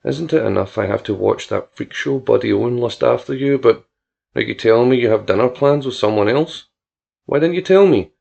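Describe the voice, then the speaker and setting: A man reading the part of a possessive, irritable man in an audiobook, with a sharp, reproachful delivery. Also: mid-range voice, normal speed, gravelly, slightly rough, dull audio. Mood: demanding.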